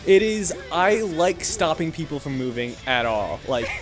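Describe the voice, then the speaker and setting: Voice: mid-range voice, very animated, a little slow, over loud music. A podcast guest chatting casually and gleefully, breaking into laughter.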